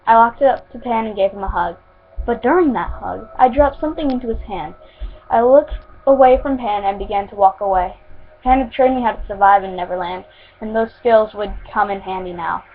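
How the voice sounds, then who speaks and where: A woman reading her own fan fiction aloud at home, stumbling now and then and restarting words. The recording sounds tinny and phone-like. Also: medium pitch. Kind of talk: homemade story reading.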